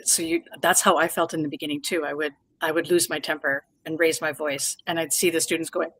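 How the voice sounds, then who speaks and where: A woman in her forties with a fairly low voice shares her experience as a longtime teacher. She speaks in a reflective, measured way. The sound is dry and close, with no room around it. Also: level tone, a bit bright, dry recording, rough recording. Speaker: veteran teacher. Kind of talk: casual interview chat.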